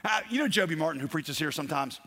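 A man preaching a sermon, telling a story and acting out the voices in it with animated energy. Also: a little high, fast, in a large hall. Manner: animated, acts out voices in stories. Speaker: pastor.

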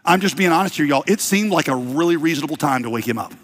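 A man preaching a sermon, telling the story with big swings from quiet asides to shouted lines. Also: fairly high pitch, lively intonation, quick pace. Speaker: pastor. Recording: long hall reverb.

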